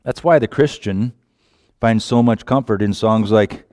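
A man preaching a sermon with passion, moving from quiet, reflective lines to sudden wailing cries. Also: fairly low pitch, measured pace, no echo, clean studio sound.

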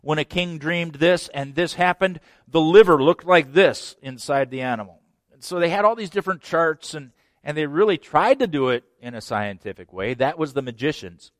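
A man's voice: a little high, lively intonation, normal speed, dry recording, studio quality. A man preaching an expository sermon, reading scripture aloud, breaking down its grammar, and laughing at his own jokes. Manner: laughs and jokes between points.

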